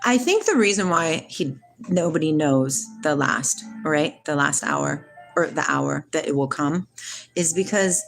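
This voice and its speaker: A woman hosting a casual spiritual livestream, talking back to her chat in an excitable, preachy way. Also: low-pitched, unhurried, creaky, soft background music. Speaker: livestream host reading chat.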